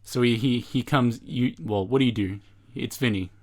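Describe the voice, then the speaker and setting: A man's voice: mid-range voice, normal speed. A man co-hosting a casual comedy podcast, playfully running a made-up role-play scenario and pushing his friend along. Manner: playful, insistent, breaks into laughter.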